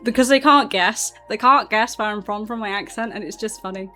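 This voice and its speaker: A woman's voice: mid-range voice, brisk, pushed and bright, faint music behind. A woman from southern England with a mixed British accent, chatting casually to her live chat while playing a game and laughing often. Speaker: streamer.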